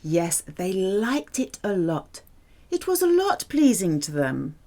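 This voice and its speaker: A woman teaching a French lesson, drilling verb forms slowly and checking in with the learner. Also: mid-range voice. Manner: slow, deliberate drilling of verb forms with lively questions to the learner. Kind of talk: language lesson.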